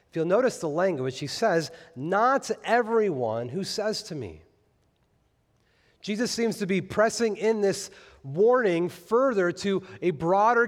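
A man's voice: high voice, in a large hall. A man preaching a sermon as pastor, earnest and building to emphatic peaks on key phrases. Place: church sanctuary.

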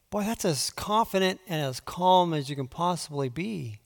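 A man preaching a conversational Bible teaching, moving between quiet asides and emphatic pleading. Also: a little high, lively intonation, normal speed, creaky, few pauses. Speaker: pastor. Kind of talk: sermon. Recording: long hall reverb.

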